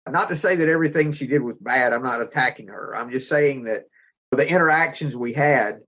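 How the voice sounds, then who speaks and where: Calm man leading a group discussion. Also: medium pitch, husky. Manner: calm, affirming, calls on each speaker. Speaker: meeting facilitator. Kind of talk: casual discussion.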